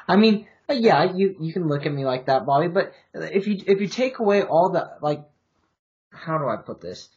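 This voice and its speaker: A man's voice: fairly high pitch, lively intonation, normal speed, a little mellow. A man co-hosting a podcast, arguing his college football picks in a hesitant, filler-heavy way. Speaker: podcast co-host. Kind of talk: casual sports-betting chat. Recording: dull, muffled podcast audio.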